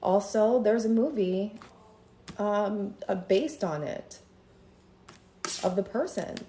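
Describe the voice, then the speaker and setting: A woman chatting on a live stream from home in a gossipy, animated way, now and then drifting into sing-song lines. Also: mid-range voice, slow, a little hiss or hum. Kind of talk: rambling casual live-stream chat. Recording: roomy echo with faint ambience.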